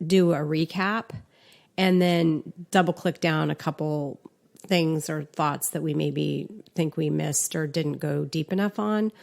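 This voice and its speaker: A woman co-hosting a podcast, talking in a relaxed, conversational way with fillers and restarts. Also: low voice, a little slow, gravelly. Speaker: podcast co-host. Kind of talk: casual podcast chat.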